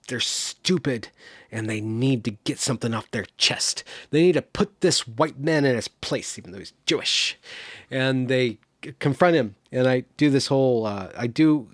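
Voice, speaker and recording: A man hosting a casual livestream, rambling and apologetic, losing his train of thought, with his voice in rough shape. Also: medium pitch, dry recording, studio quality. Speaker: livestream host.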